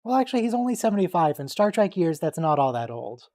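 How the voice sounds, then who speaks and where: A man hosting a casual watch-along stream, joking and quickly reacting to what's on screen and teasing his friends. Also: high voice, very animated, dark tone. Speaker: stream host.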